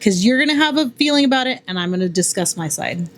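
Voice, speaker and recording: Brief: woman podcast host, slightly high voice, teasing, laughs a lot. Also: expressive, fast. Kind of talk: casual podcast chat.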